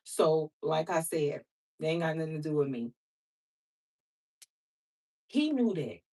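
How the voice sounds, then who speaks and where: A woman's voice: low voice, sing-song, slow pace, mellow. Outspoken woman tarot reader, plain-spoken and profane, addresses viewers like sisters, mic a little far off. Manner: blunt, outspoken and preachy, swears freely; talks to viewers as sister and baby. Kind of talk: casual vlog chat to viewers.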